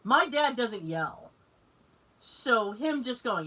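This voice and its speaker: A woman in her forties co-hosting a podcast, telling family stories in casual chat, animated, laughing often and swearing freely. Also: on the high side, slow. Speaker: podcast co-host. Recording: distant mic, noisy.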